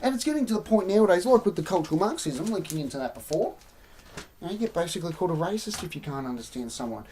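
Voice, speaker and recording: Australian woman live-streaming, low-ish mellow voice, opinionated off-the-cuff rambling to chat. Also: animated, racing, slight background noise. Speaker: livestream host. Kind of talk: casual live-stream commentary.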